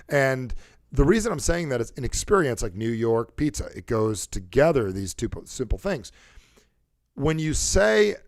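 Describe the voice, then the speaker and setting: A man's voice: mid-range voice, very animated, normal speed, creaky, no room sound, studio quality. A man hosting a motivational talk show about sales and conversation, who acts out how people sound on calls. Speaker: show host and sales coach.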